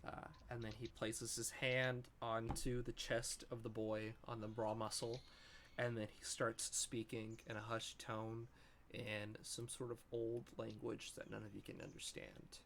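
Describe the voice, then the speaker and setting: A man's voice: on the low side, little pitch movement, a little slow, gravelly, fairly bright tone, a little hiss or hum. A man narrating as game master, describing the scene with frequent ums.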